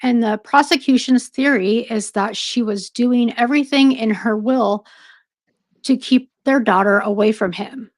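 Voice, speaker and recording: A woman's voice: a little high, a little slow, no echo. A woman hosting a casual true crime discussion who reads from case documents, hesitant and full of fillers, and says she is losing her voice. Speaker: podcast host. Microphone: own microphone.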